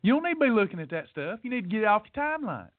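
Racing along in a high-pitched, very animated voice, a man hosts a weight loss podcast. He scolds listeners bluntly in a preachy motivational rant, repeating points for emphasis. The recording is dry and sounds tinny, like a phone.

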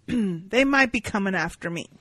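A woman's voice: medium pitch, a little slow, husky, dry recording, rough recording. A woman co-hosting a podcast, recapping an episode in casual chat and acting out the characters' lines. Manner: animated, acts out characters' lines. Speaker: podcast co-host.

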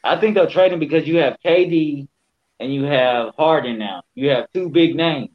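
A man's voice: a little high, normal speed, muffled recording. A man co-hosting a casual basketball podcast, giving blunt, slangy opinions. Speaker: podcast co-host.

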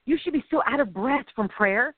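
A woman co-hosting a casual faith talk show, rambling and exclamatory in an animated way. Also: high voice, a little fast, dry recording. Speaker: podcast co-host. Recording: tinny phone-like, dry.

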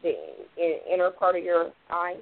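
A woman's voice: fairly low pitch, flat delivery, moderate pace. A woman hosting a spiritual radio show, explaining things in a rambling, casual way and often saying "like" and "literally". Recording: tinny phone-line radio audio.

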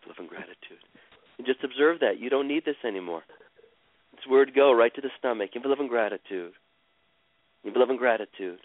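A man leads a guided healing session in an unhurried, soothing voice, repeating the same phrases over and over like a chant. His voice comes through thin and tinny, as if over a phone line. The sound is dry, with no room around it. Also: medium pitch, dry recording. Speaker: host guiding a caller through emotional healing.

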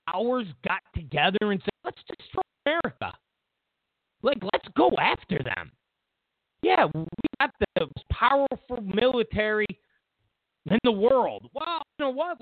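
Tinny, phone-like audio with no echo carries a high-pitched, gravelly male host on a political commentary show. His monologue is emphatic and animated, laced with mocking asides.

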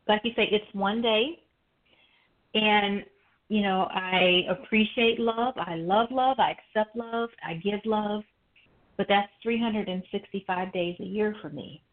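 A woman's voice: mid-range voice, a little slow. A woman co-hosting a casual chat, reflective and talking with many "you know" fillers. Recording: tinny phone line.

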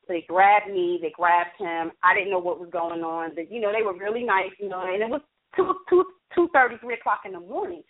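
A woman telling a personal story as a talk-show guest, halting and repeating words, quoting herself and others as she goes. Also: mid-range voice. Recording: phone-line audio.

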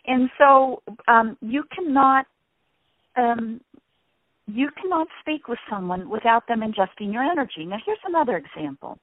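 A woman's voice: fairly high pitch, expressive, normal speed, no echo. Woman guest on a tinny line. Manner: demonstrates voices by shifting tone. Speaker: sound healing guest. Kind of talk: interview conversation. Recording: tinny phone-like line, dry.

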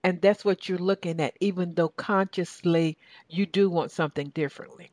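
A woman's voice: lowish voice, fairly even intonation, normal speed, darkish tone, no room sound. A middle-aged woman with a Southern US accent, preaching a sermon with emphatic repetition and questions to her audience.

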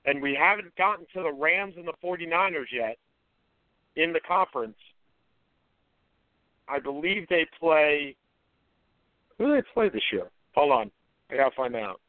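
A man's voice: fairly high pitch, lively intonation, normal speed, pauses often, dry recording. A man co-hosting a sports radio talk show, confidently rattling off predictions and correcting himself as he goes. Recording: dry, phone-like radio audio.

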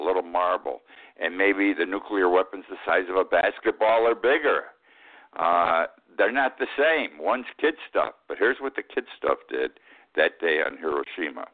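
A man in his eighties hosting a radio talk show, giving plainspoken, opinionated commentary. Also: low-pitched. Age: 80s. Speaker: host. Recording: tinny phone-like line.

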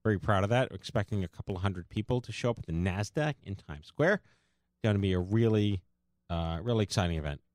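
Brief: male podcast host, low voice, rambling delivery with fillers, dry close mic. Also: darkish tone, dry recording. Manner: rambling, halting with many fillers. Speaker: podcast host, co-founder of the organization. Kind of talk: casual podcast chat.

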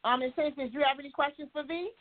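A woman hosting a casual online talk show, rambling and correcting herself as she promotes products and gives shout-outs. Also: sits high, fairly even intonation, racing. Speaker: show host and author. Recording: tinny phone-like line.

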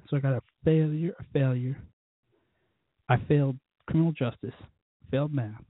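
With a medium-pitched, husky voice, a drunken podcast host swears and rambles through his stories, quoting others along the way. The recording sounds tinny, like a phone line, with no echo.

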